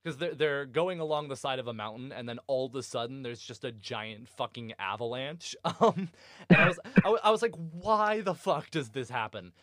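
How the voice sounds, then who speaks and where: A man hosting a casual book podcast, animated and swearing freely, often breaking into laughter. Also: mid-range voice, fairly quick, no echo. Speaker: podcast host.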